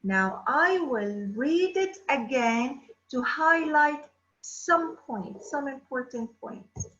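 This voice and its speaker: A woman teaching an English lesson to children, drawing out words slowly and asking the class questions. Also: sits high, expressive, fairly bright tone. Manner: slow, drawn-out words, addressing children. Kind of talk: distance-learning phonics lesson. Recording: roomy, dull lo-fi sound.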